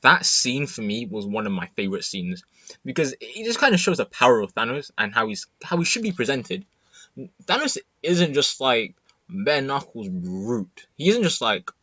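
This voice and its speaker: A teenage boy giving an excited, rambling movie review full of fillers and restarts. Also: medium pitch, normal speed, slightly rough, dry recording, lo-fi sound. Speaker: student vlogger. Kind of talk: casual movie review monologue.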